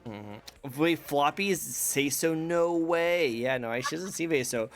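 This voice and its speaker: A man's voice: a little high, slow, faint music behind. A man hosting a casual interview chat, rambling and laughing often. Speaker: interview show host. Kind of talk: casual chat over a call.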